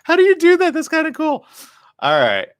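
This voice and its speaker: A man hosting a radio morning show, chatting casually with listeners and reading the news in a studio. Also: very high-pitched. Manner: lively, chatty, quick asides.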